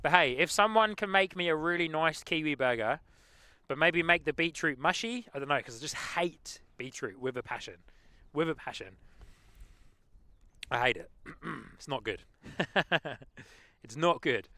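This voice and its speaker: A man with a London-tinged English accent, casually chatting as host of a live stream and reading out viewer comments, easygoing and quick to laugh. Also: fairly high pitch, lively intonation, bright, forceful tone, no echo. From England. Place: outdoors at an airport plane-spotting spot.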